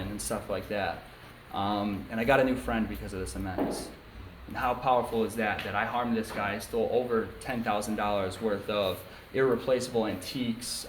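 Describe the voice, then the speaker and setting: A young man giving a candid personal testimony at a recovery meeting, telling his story with lots of ums and likes. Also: lowish voice. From upstate New York. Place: meeting room. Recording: echoey room with faint hiss.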